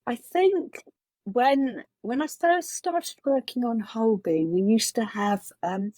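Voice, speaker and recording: A woman's voice: fairly high pitch, takes it slowly, dark tone, no room sound. A middle-aged woman, a makeup designer, answering interview questions with earnest storytelling and frequent restarts.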